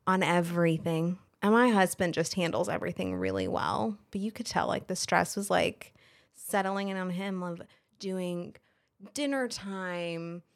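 In a casual podcast interview, a thirties-aged salon owner and hairstylist speaks frankly and chattily, saying "like" often and acting out dialogue from memory. Her voice is fairly low and very animated, and she takes her time.

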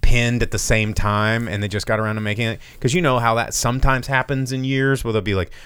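A man hosting a casual movie review chat, telling plots with profanity and quick acted-out lines. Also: medium pitch, steady tone, a bit bright, clean tone, no room sound. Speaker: podcast host reviewing movies.

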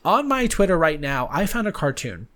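A man's voice: fairly high pitch, big pitch swings, normal speed, fairly bright tone. Frank male podcast host. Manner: earnest, frank, then heated. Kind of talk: casual podcast monologue.

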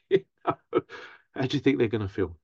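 Male therapist, animated solo talk, close and dry, a bit muffled. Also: medium pitch, normal speed, slightly rough, no room sound. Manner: animated, mimics others in raised voice. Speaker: therapist and podcast host. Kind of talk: casual monologue.

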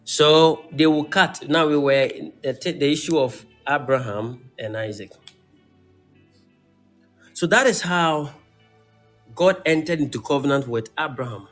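A man's voice: a little high, measured pace, pauses often, faint music behind. A man preaching a sermon, reading scripture aloud and checking in with his listeners. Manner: animated.

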